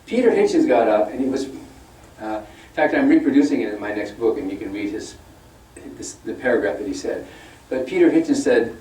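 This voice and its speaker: A man giving a public talk in a conversational tone, turning animated when he quotes his opponents. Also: mid-range voice, fairly quick. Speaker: guest speaker. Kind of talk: public lecture. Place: lecture room. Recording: echoey hall, mic from a distance.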